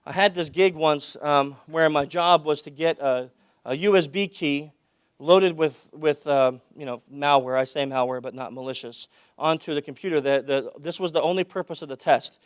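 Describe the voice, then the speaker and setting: Loud-projecting man giving a conference talk. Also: normal speed, clean tone, no room sound, clean studio sound. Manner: projects loudly, drops his voice low for anecdotes. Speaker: conference speaker. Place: conference hall.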